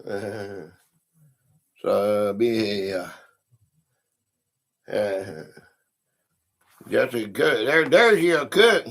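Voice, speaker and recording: A man's voice: mid-range voice, fairly bright tone. A man hosting a casual livestream quiz, greeting viewers by name and reading questions aloud. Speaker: livestream host running a quiz. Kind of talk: casual live-stream chat.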